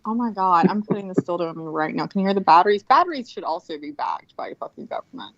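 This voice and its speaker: A woman's voice: medium pitch, animated, fast, no echo, muffled recording. A middle-aged woman co-hosting a casual show, rambling and swearing freely with lots of "like". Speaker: co-host. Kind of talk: casual crude banter.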